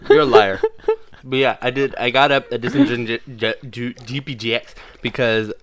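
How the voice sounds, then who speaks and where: A man's voice: mid-range voice, moderate pace, a bit bright. A tired, slightly drunk young man co-hosting a podcast, teasing his friend in casual banter. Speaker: podcast co-host. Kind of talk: casual chat.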